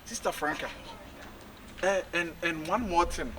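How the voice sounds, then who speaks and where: A man with a Ghanaian accent, a comedian acting in a sketch, flirting in an exaggerated, animated way. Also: fairly high pitch, normal speed. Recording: noisy outdoor recording.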